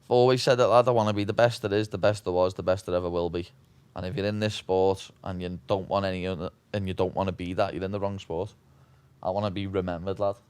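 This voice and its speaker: A man's voice: low-pitched, steady tone, fast, a little mellow, clean tone, no room sound. A young man with a Scouse accent being interviewed, blunt and brash, swearing freely and calling everyone "lad". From Liverpool, England. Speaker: interview guest, fighter. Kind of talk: casual interview chat.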